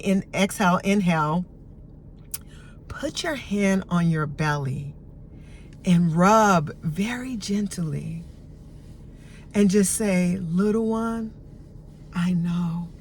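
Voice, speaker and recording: A middle-aged woman talking as a behavioral health coach in a self-help vlog, guiding listeners gently and soothingly. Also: medium pitch, a little hiss or hum. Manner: gentle, soothing, unhurried guidance.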